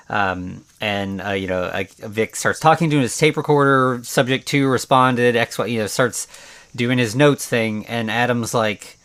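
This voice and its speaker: A man's voice: on the low side, moderate pace, a bit bright. A man hosting a podcast alone, recapping a film in a rambling, conversational way, with lots of "like" and restarts. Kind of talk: casual solo movie recap.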